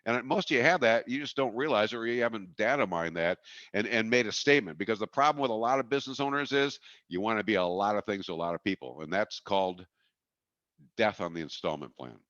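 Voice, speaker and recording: A man's voice: fairly low pitch, animated, fast talker, a bit bright, no room sound, muffled recording. A middle-aged man from Wisconsin giving a folksy, jokey, emphatic marketing webinar talk.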